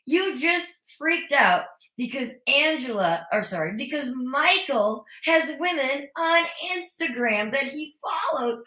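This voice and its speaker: A woman's voice: high voice, sing-song, unhurried, few pauses, sharp tone, echoey room. A woman recapping a reality show in a casual, chatty way, opinionated with sarcastic asides. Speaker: recap vlogger. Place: home.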